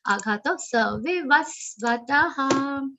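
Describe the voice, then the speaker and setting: A woman with an Indian English accent teaching Sanskrit verse recitation in an online class, correcting pronunciation and chanting lines slowly. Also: high voice, expressive, background noise. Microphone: video call.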